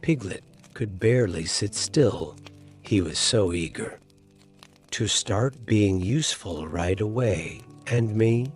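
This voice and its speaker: Give me a soothing man reading a bedtime story very slowly, faint music underneath. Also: lowish voice, expressive. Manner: soft, soothing, unhurried. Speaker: narrator. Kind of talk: bedtime sleep story narration. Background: soft music.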